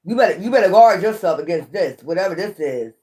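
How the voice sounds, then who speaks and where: A woman giving a casual, animated tarot reading, often scolding and repeating herself. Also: fairly low pitch, fast talker. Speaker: tarot reader.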